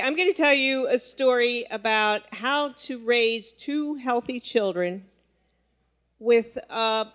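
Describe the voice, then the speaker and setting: A woman, a mother, calmly telling a story about how she raised her children. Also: fairly high pitch. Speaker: parent sharing a story. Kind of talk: casual storytelling.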